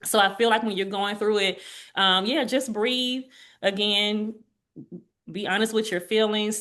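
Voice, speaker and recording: As a guest in an interview, a medium-pitched woman in her forties earnestly recounts a heartfelt personal story. When she quotes others, she becomes animated.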